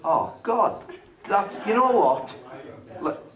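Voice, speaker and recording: High-voiced comedian in an echoing theatre. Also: male voice, sing-song, takes it slowly. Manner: rambling, teasing, swears freely. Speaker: stand-up comedian. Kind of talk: stand-up with crowd banter. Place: theatre stage. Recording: echoey theatre, distant, loud crowd.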